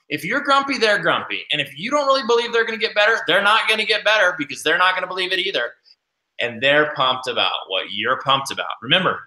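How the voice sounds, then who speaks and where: Bright, punchy man coaching in an echoey room. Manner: animated, acts out quoted patients with big pitch jumps. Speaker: host. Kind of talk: energetic coaching talk.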